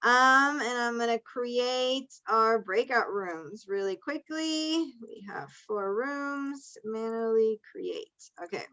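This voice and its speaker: An ESL teacher with a bright, forceful voice on the high side speaks slowly, with hardly any pauses, while leading an online class. She calls on students patiently and encourages them, switching between Spanish and English explanations over dull, lo-fi video call audio.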